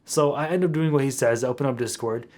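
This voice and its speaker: A young man retelling a story for his vlog in an animated, slangy way. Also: medium pitch, quick pace. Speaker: YouTuber.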